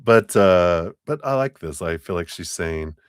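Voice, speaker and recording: Deep-voiced male tarot reader, slow and chatty, quick to laugh. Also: animated, smooth, no echo, clean studio sound. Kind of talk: live tarot reading.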